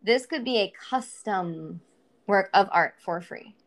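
A woman's voice: mid-range voice, expressive, slow pace. Casual, swearing woman podcast co-host. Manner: loose, profane, enthusiastic plugging.

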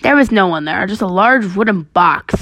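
Brief: woman storyteller, deadpan and brisk, dry close sound. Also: medium pitch, no room sound, poor audio. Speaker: podcast storyteller. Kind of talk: reading a spooky comic story aloud.

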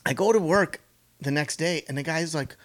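A man's voice: on the high side, normal speed. A middle-aged man telling a story in casual chat, swearing freely and acting out the quotes. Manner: profane, laughing, acts out quotes.

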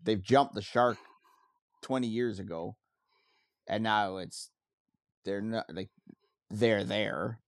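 A man co-hosting a podcast, giving relaxed, opinionated takes in casual chat with small restarts. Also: fairly low pitch, slow, pauses often, no room sound, clean studio sound. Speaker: podcast co-host.

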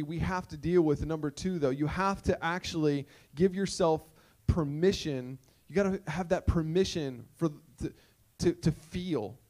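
A male pastor delivering a conversational sermon, emphatic and full of repeated rhetorical questions. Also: high voice.

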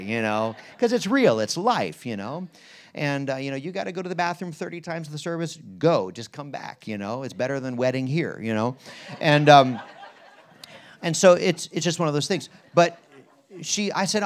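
A man's voice: a little high, normal speed. A man from Pennsylvania preaching at a church conference, telling a story in a folksy way and then leading the listeners in prayer. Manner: animated, jumps between quiet and loud in retelling, folksy asides; leads the room in prayer, asks listeners questions. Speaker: guest preacher.

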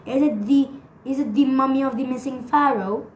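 A woman's voice: high voice, normal speed, a little hiss or hum, close to an everyday voice. Woman doing a barking, greedy museum boss. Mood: demanding. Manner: barking, demanding. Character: impatient greedy male museum head. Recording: echoey room.

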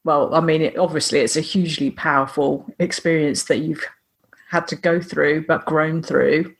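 Woman host with a low voice, affirming and encouraging in interview. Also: steady tone, moderate pace, vocal fry. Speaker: podcast host.

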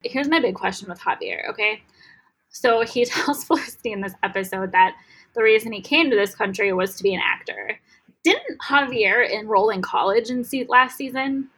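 A woman's voice: a little high, moderate pace, fairly bright tone, slightly rough, rough recording. A woman co-hosting a podcast, chatting casually about a TV episode with many fillers. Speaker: podcast co-host. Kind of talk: casual chat.

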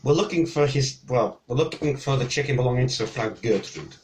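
A man playing a knight in a tabletop game, jokey and animated. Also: medium pitch, a little fast, slight background noise. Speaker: player.

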